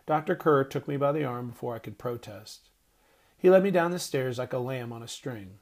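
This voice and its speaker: A man narrating an audiobook chapter in a measured, expressive reading voice. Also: mid-range voice. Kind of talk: scripted narration.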